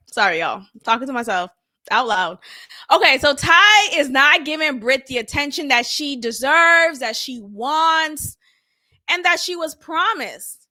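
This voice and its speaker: Bright high-voiced woman recapping a show. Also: a little slow. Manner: animated, talks to listeners, acts out quotes, laughs often. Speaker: reality TV recap host. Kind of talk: casual show recap monologue.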